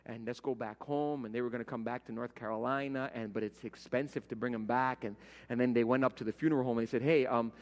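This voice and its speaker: Pastor preaching in a reverberant hall. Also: male voice, mid-range voice, quick pace. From Puerto Rico. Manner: animated storytelling preacher, swings from loud to hushed, repeats words. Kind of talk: sermon. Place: church sanctuary. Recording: long reverb of a church hall.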